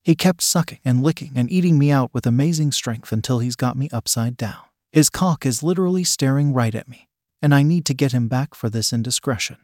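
A man reading a first-person story in a steady scripted narration. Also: mid-range voice, a little fast, no echo, studio quality. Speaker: story reader.

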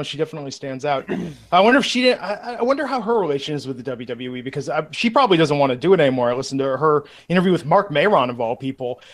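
A man hosting a casual wrestling chat, conversational and steering the topics. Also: a little high. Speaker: wrestling podcast host.

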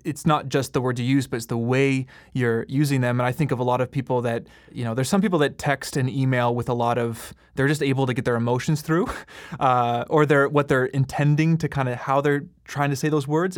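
Casting: male podcast host, mid-range voice, dry close sound, warm and affirming. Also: mid-range voice, steady tone, dry recording. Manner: friendly, affirming, quick asides. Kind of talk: casual podcast conversation.

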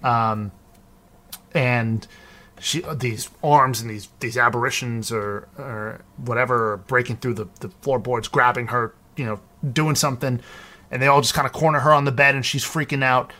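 A man recaps a film in casual podcast chat. His delivery is loose and rambling, full of fillers and restarts, at a middling pitch. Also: steady tone, moderate pace, pushed and bright. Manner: rambling, lots of ums and restarts. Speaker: podcast co-host.

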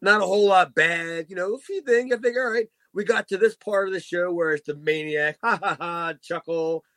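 A man's voice: sits high, fairly quick, a bit bright, no echo. A man hosting a casual wrestling review podcast, rambling with restarts and frequent laughs. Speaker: podcast host.

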